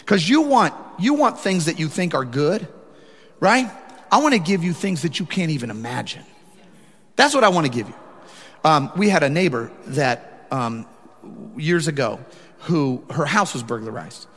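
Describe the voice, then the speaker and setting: A man's voice: on the high side, animated, normal speed, a bit bright. A man preaching a sermon, emphatic and talking directly to the congregation. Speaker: pastor. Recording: long hall reverb.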